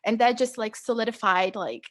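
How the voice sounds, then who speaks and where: A young woman speaks as a podcast guest in a fairly high voice. She tells her story in an earnest, rambling way, leaning on "like" and "you know". The tone is casual and conversational. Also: moderate pace, a bit bright.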